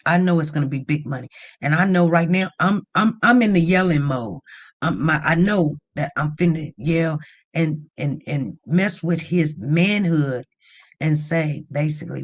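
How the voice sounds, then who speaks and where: A woman tells a story on her livestream in a casual, chatty way. Her delivery is animated, and it climbs to loud near-shouts when she gets worked up. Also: deep voice, moderate pace. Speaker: livestream host.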